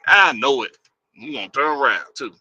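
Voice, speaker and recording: Bright-voiced man hosting a stream. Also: medium pitch, lively intonation, moderate pace, no room sound. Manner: loose, rambling, greets viewers by name. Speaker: live stream host. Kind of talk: casual live stream talk.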